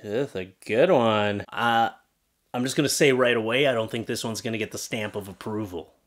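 A man's voice: medium pitch, fairly quick, fairly bright tone. A man doing comedic commentary on pictures, sarcastic and wisecracking, swearing casually as he roasts what he sees. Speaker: YouTube commentator.

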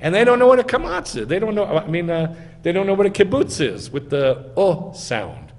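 A man's voice: high-pitched, big pitch swings, moderate pace. A man, a rabbi, giving a teaching sermon, explaining step by step and quizzing his listeners. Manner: explains step by step, asks the audience questions. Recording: echoey hall, faint noise.

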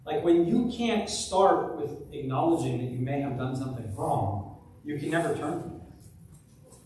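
A man's voice: fairly high pitch, lively intonation, measured pace, darkish tone, distant mic, a little hiss or hum. A man preaching a conversational sermon as pastor, often restarting and repeating words. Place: church sanctuary. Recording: very echoey church live stream from afar.

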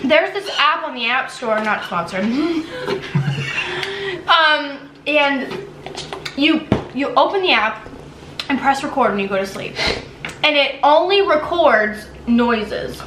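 Brief: chatty, giggly woman with a high voice, casual chat while eating, roomy echoing room. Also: lively intonation, takes it slowly, pauses often. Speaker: guest. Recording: roomy echo, faint noise.

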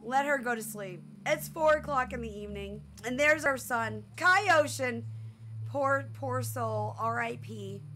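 A woman casually commenting on her own gameplay, excitable and full of exclamations, often laughing. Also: fairly high pitch, measured pace, slight background noise. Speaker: gameplay streamer. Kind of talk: casual let's-play commentary.

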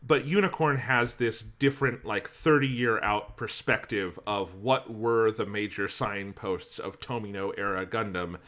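Measured, analytical podcast co-host, male. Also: fairly low pitch, a bit bright. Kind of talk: casual chat.

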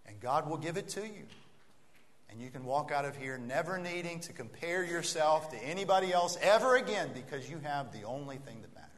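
A man's voice: mid-range voice, fairly bright tone. A male preacher giving an evening sermon in a church, telling a story and building to an earnest appeal. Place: church auditorium. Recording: long hall reverb, faint noise.

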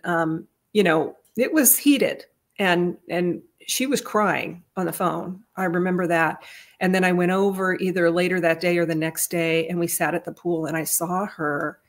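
In a casual monologue, a woman vlogger shares a family story in her fairly low voice. She's earnest and tends to ramble, frequently starting sentences over, with her voice climbing whenever things turn emotional.

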